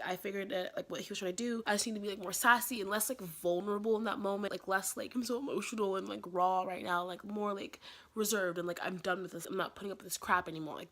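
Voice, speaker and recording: A woman's voice: medium pitch, fairly bright tone. Chatty young woman vlogging. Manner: chatty, says "like" constantly. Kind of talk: casual storytime vlog.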